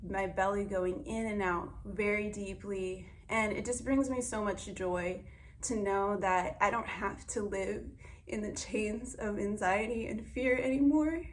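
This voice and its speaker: A young woman talking casually and earnestly to camera as a wellness vlogger, guiding breathing and speaking with gentle heartfelt warmth. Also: mid-range voice, a little slow, a little hiss or hum. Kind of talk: casual guided breathing talk.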